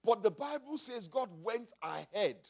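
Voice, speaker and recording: A man from Africa preaching a sermon, moving from quiet talk to loud shouting and calling out to the congregation. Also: extremely high pitch, big pitch swings, unhurried, creaky. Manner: builds from quiet to shouting, call and response. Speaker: pastor.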